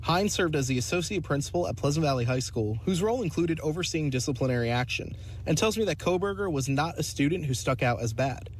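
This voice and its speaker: Guy doing live tv news on location, crisp steady anchor-style delivery, a bit of faint street hum behind. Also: a little high, fast. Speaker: TV news reporter. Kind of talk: live field news reporting. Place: outdoors at news scenes.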